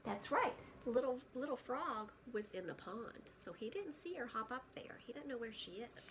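A woman preschool teacher reading a picture book aloud to children, gentle and often hushed, stopping to ask questions. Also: a little high, animated, normal speed, background noise.

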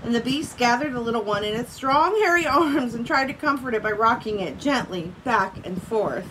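A woman's voice: fairly high pitch, expressive, normal speed, noisy background. A woman teacher reading a story aloud to her class, breaking off to make casual comments and laugh.

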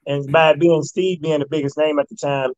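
A man's voice: fairly high pitch, steady tone, moderate pace, a little mellow, dry recording, low-quality recording. A male comedian telling stories in a laid-back, casual way as a guest on a radio talk show. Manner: laid-back storyteller who slips into mock voices.

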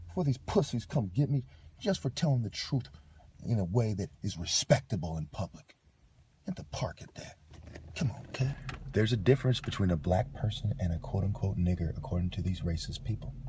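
Man, low-pitched, combative rambling rant, loud bursts and quiet muttering, profane slangy talk, faint background hum. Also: normal speed. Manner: swings between loud outbursts and low muttering; preachy and combative. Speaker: vlogger.

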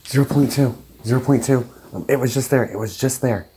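A man investigating a haunted basement, talking in an urgent, excited way to his team. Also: mid-range voice, a little fast, a little hiss or hum. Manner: animated, urgent calls to the group. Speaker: paranormal investigator. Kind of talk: excited ghost-hunt chatter. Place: old basement, indoors.

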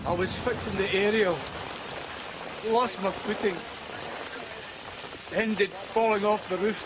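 A widower with a high voice, plainly recounting an accident. The TV audio sounds dull and noisy. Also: male voice, steady tone, a little slow. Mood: flat. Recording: muffled TV sound with noise.

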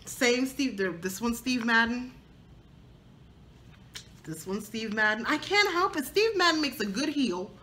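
Woman doing a thrift haul vlog, bright forceful voice, super chatty and animated, bits of aave slang. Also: a little high, unhurried, long pauses, slight background noise. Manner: animated, chatty, acts out arguments with her husband in playful voices. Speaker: fashion vlogger. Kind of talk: casual thrift haul chat.

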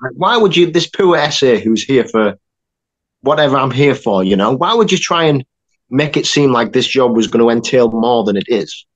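A young man, an actor and filmmaker, telling a lively story on a podcast with quick asides. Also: mid-range voice, dull audio. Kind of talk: casual anecdote telling.

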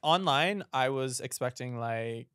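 A man at medium pitch talking casually on a podcast. He rambles through anecdotes, leaning on fillers as he goes. The recording is dry and close, with no room echo. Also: lively intonation, a little slow, a bit bright, smooth. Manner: chatty storytelling, heavy on "like" fillers. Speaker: podcast participant. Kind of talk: casual chat.

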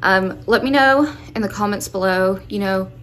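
A woman's voice: mid-range voice, moderate pace, a bit bright, a little hiss or hum. A woman chatting casually in a home vlog, a little out of breath after exercising. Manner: chatty and informal, with fillers. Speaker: fitness vlogger.

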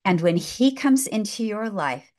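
A woman's voice: medium pitch, lively intonation, measured pace, darkish tone. A woman author speaking as a guest in a faith-based podcast interview, with an impassioned, preacher-like delivery, often repeating and restarting phrases as she builds her point. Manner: emotional, near tears at moments.

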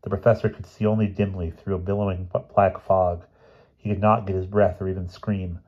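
A man reading a novel aloud as an audiobook narrator, steady, with small slips and restarts. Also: low-pitched, fairly quick, dull audio. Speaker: audiobook reader.

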